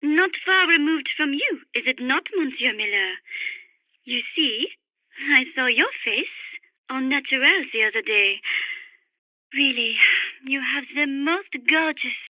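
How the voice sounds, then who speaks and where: Gentle French bird lover, high bright voice, dry game-radio read. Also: female voice, lively intonation, unhurried, no room sound, full character voice. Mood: sultry.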